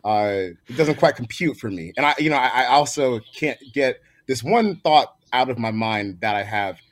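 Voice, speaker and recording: A man's voice: mid-range voice, expressive, moderate pace. A man giving his take on a sports podcast, hesitant with many fillers and repeated words. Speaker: podcast guest. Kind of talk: casual sports chat.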